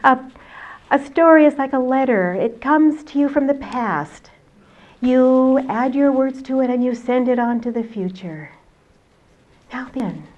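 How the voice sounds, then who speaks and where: A wise old male elder, voiced by a woman storyteller, speaking slowly and patiently. His voice sits a little high, and the recording is dull and lo-fi. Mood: gentle. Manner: slow, gentle, patient.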